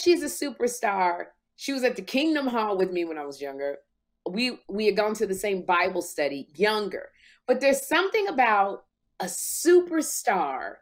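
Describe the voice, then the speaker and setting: A woman in her fifties hosting a talk show, telling stories in an animated, emotional way. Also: medium pitch. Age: 50s. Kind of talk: casual podcast chat.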